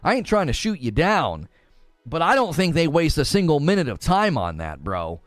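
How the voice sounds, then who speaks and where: Animated, emphatic male livestream host. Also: a little high, moderate pace, no room sound, studio quality. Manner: animated, emphatic, casual slang. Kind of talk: casual livestream commentary.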